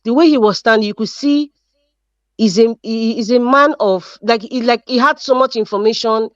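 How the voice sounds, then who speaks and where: Emphatic Nigerian woman, high voice. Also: normal speed, no room sound, dull audio. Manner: emphatic, repeats herself, frequent restarts and fillers. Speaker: live stream panelist. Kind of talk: impassioned political commentary. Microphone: video call.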